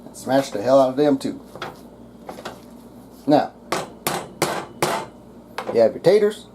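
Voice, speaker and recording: A man's voice: medium pitch, big pitch swings, slow pace, background noise. A man with a Southern US accent showing how to cook at home, crude and joking, swearing casually as he goes. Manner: crude, profane, joking asides. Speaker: cooking vlogger. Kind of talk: casual cooking demonstration. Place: home kitchen. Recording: kitchen clatter of pots and cutlery. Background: clinking dishes and utensils.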